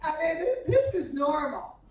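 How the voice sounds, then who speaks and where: A woman with a high voice gives a humorous after-dinner speech, telling teasing anecdotes about her former tennis players. She acts out their voices as she goes. The sound is echoey and distant, as if the mic sits across a large banquet hall. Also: sing-song, moderate pace, mellow.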